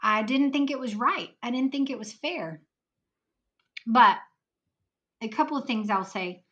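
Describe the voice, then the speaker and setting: A woman's voice: a little high, measured pace, fairly bright tone, highs cut off. A woman on a podcast telling an emotional personal story in earnest, acting out the voices of people in it. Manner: earnest, acts out quoted voices in her story. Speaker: podcast guest.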